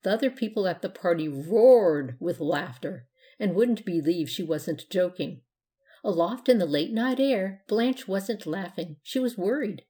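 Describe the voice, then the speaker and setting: A woman reads a children's storybook aloud in a steady, gentle manner. Her voice sits at an ordinary middle pitch and keeps an even storytelling pace. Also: measured pace. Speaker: narrator. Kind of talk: storybook reading.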